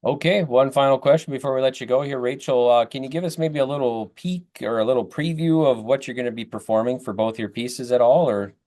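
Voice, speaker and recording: A man's voice: mid-range voice, a little fast, hardly any pauses, warm tone. A man hosting a local interview in a folksy way, with many fillers. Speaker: radio host. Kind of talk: interviewing students.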